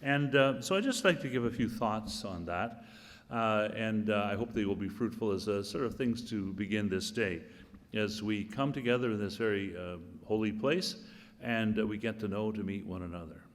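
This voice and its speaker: A man's voice: fairly low pitch, moderate pace. An older man, a cardinal, giving informal opening remarks, reflective with dry humorous asides. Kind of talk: informal spoken address. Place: church hall or chapel setting. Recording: long hall reverb.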